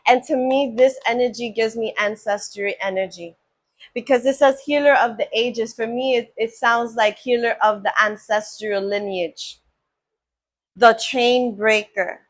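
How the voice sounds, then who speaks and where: A woman's voice: on the high side, steady tone, a little slow. A woman doing a spiritual oracle card reading, earnest and affirming, often checking in with her listener.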